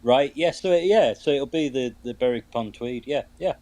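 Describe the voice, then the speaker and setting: This is an easygoing man from Britain chatting casually. He talks in an understated way, shrugging things off lightly. His pitch is ordinary and in the middle for a man. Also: a little fast, a little mellow, no echo. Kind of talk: casual chat.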